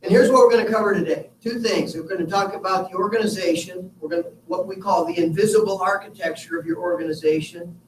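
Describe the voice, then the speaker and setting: A man giving an energetic motivational talk to a live audience, telling stories and speaking to them directly. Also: sits high, quick pace, hardly any pauses. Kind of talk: live keynote talk with slides. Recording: echoey hall from far off with faint room noise.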